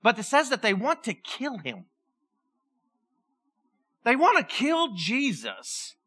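A woman pastor preaching a sermon in church in a lively, joking way, acting out voices as she tells the story. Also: fairly high pitch, slow, husky. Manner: animated, joking, acts out voices.

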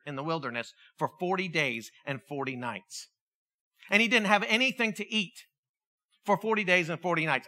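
A middle-aged preacher delivers a sermon in a mid-range voice. He's an animated storyteller, acting out the voices of people he quotes and tossing in jokey asides.

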